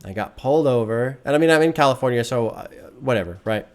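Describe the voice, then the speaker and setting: A man's voice: medium pitch, animated, fast, a little mellow. A man hosting a music reaction video, talking casually in an earnest, rambling way and swearing freely.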